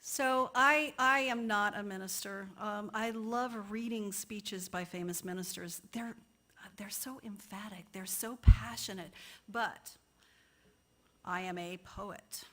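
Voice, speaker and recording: A woman's voice: mid-range voice, slow pace, fairly bright tone. Earnest woman poet speaking in church. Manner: earnest, with some stumbles over words. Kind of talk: church talk.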